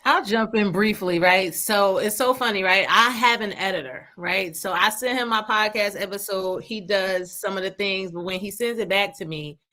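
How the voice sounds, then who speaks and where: Bright-voiced woman podcaster, chatty. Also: mid-range voice, moderate pace, hardly any pauses. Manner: conversational, tags "right?". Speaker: podcaster panelist. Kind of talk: virtual panel discussion. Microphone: video call.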